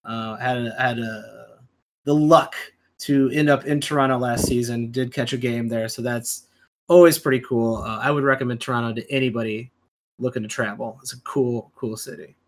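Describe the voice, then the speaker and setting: A man's voice: mid-range voice, steady tone, normal speed. Laid-back male podcast host. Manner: laid-back, joking, trash-talking. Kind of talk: casual podcast chat.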